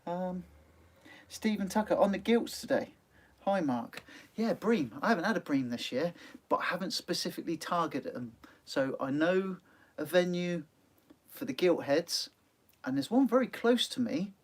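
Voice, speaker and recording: A man hosting a live fishing stream, chatting casually and reading out viewer comments, laughing often and filling pauses with "um". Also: high-pitched, animated. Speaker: sea angling channel host. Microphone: phone.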